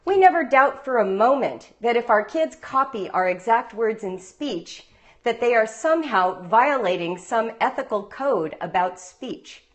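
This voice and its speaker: A woman's voice: on the high side, animated, measured pace, fairly bright tone. A woman who teaches homeschool writing, giving a live-streamed talk on a phone with playful stories and rhetorical questions. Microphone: phone livestream.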